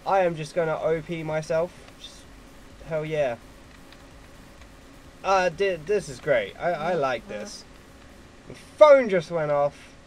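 A man giving casual gameplay commentary at his computer, excitable and quick to swear at opponents. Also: fairly high pitch, slight background noise, poor audio. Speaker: gaming YouTuber.

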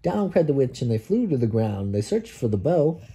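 A man, a dad, reading a rhyming picture book aloud to his child and pausing so the child can fill in the rhymes. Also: mid-range voice, very animated, dark tone, husky. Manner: reads rhymes with pauses for a child to finish them. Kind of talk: bedtime story read-aloud.

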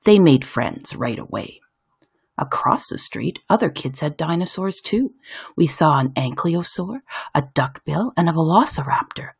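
Husky woman reading a picture book. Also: deep voice, normal speed. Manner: expressive storytelling. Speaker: children's book reader.

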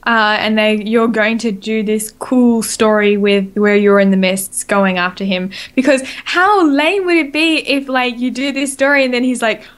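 A woman's voice: on the high side, moderate pace, hardly any pauses. An Australian woman hosting a casual gaming podcast, chatty and rambling, with lots of fillers and self-corrections. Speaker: podcast host.

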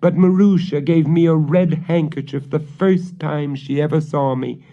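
A man's voice: on the high side, steady tone, a little slow, pitched above the performer's own voice. A man doing an indignant young servant girl. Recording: dull lo-fi old recording.

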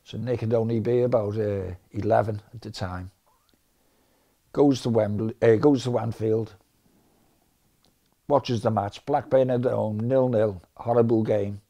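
A man's voice: on the low side, a little slow, pauses often. A middle-aged man, telling chatty football anecdotes in a documentary interview. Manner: chatty, lively anecdote-teller. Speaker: football fan.

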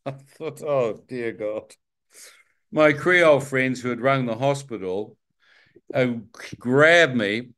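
A man giving a personal testimony as a lively storyteller, self-mocking and chuckling as he goes. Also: mid-range voice. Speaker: testimony speaker.

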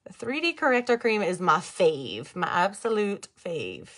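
This woman has a lowish, slightly bright voice with huge pitch swings and a measured pace. She's a makeup vlogger from Louisiana with a thick Cajun accent, chatting through a live tutorial, addressing viewers and reading their comments aloud.

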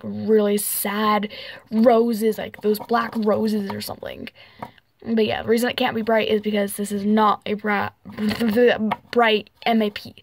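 A woman's voice: fairly high pitch, no echo. A young woman hosting a casual home vlog, talking in a rambling way with fillers, trailing off and small giggles. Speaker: channel host.

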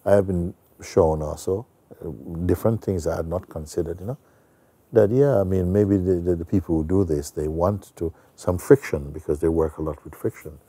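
A man who teaches spirituality, telling a story in a soft, meandering way full of "you know.". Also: sits low, moderate pace, slightly rough, no room sound. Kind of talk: storytelling during a spiritual talk.

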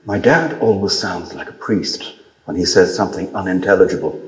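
A man reading his own literary story aloud in a measured, dry manner. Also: low voice, reverberant, rough recording. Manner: measured, dry storytelling with brief lifts for quoted dialogue.

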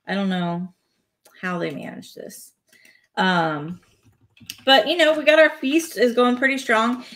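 A woman's voice: a little high, a little slow, a bit bright. A woman chatting playfully on a live stream from home, laughing between remarks as she builds a toy set. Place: home, indoors.

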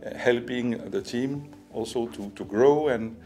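An older man with a French accent, a business executive telling his story to camera in halting speech full of restarts. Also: mid-range voice, dark tone. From France. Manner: halting, with many restarts and fillers. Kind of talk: personal talk to camera.

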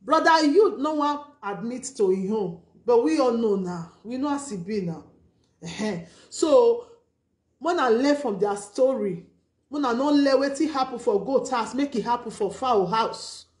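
A woman's voice: a little high, expressive, measured pace, darkish tone, reverberant. A Nigerian woman with a Nigerian Pidgin English accent hosting a casual live stream, giving emphatic, preachy advice. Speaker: vlogger and live-stream host.

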